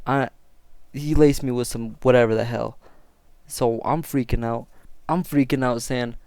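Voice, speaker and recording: A young man telling a story to his viewers in a casual, excitable, slangy way and swearing freely. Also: medium pitch, measured pace, pauses often, no room sound, clean studio sound. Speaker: storytime vlogger.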